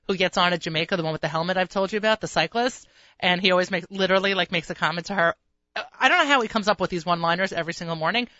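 Bright chatty New woman radio host. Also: on the low side, no echo, muffled recording. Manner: chatty, rambling storyteller with quick asides. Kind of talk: casual radio chat. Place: radio studio.

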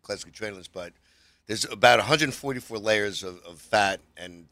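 A chef walks through how pastry is made in a lowish voice with a bright, forward edge. He is friendly and explanatory and often repeats a word as he gets going. The sound is dry and close. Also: fairly quick, no echo. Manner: friendly and explanatory, repeats words as he starts a thought. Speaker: chef and restaurant owner. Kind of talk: casual explanation of cooking technique.

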